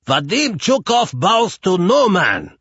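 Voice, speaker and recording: A man voicing a volatile, overweight Russian mobster who shouts and pleads. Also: high-pitched, huge pitch swings, moderate pace, slightly rough, dry recording, lo-fi sound, pitched above the performer's own voice, full character voice. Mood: defiant. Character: volatile middle-aged Russian mobster, overweight, hot-tempered.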